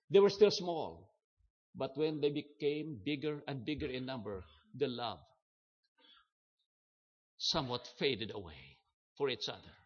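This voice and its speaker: An older man preaches at a deliberate, unhurried pace, his voice sitting a little high. He leans hard on key phrases and repeats them for emphasis. The recording is dull and lo-fi. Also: fairly bright tone, breathy edge. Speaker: pastor. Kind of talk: sermon.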